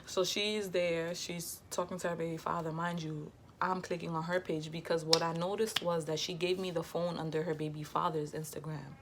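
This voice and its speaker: A young woman, telling a casual storytime in a lively, slangy way and quoting herself and others. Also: low-pitched, moderate pace, hardly any pauses, background noise. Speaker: vlogger.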